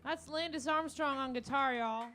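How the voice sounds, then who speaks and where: A woman's voice: sits high, normal speed. A woman hosting a music and comedy show, chatting casually between songs in a joking, self-deprecating way. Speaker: host and musician. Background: guitar playing.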